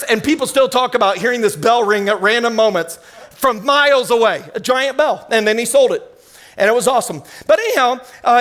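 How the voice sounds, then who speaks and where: Man, very high voice, energetic preacher, storytelling sermon. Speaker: guest preacher. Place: church sanctuary.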